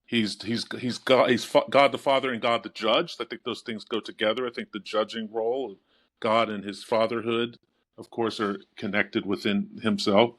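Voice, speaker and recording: A man's voice: lowish voice, fairly even intonation, a bit bright. A man, a podcast guest, discussing theology in a thoughtful, affirming way. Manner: thoughtful, affirming, quick to agree.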